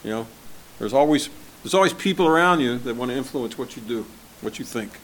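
A man's voice: medium pitch, lively intonation, a little fast, a bit bright, a little hiss or hum. Conversational male pastor preaching. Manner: conversational, asks the congregation questions. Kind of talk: sermon.

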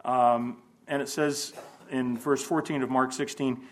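A man teaches a casual Bible class in his ordinary mid-pitched voice. He thinks out loud, poses rhetorical questions to his listeners, and drops in homespun jokes. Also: fairly even intonation, unhurried. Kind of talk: informal Bible lesson.

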